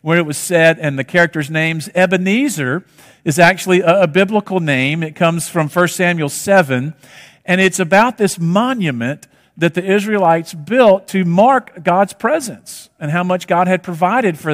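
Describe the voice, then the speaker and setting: Man preaching in a reverberant hall. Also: high voice. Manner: storytelling, rhetorical questions. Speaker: pastor. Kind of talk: sermon.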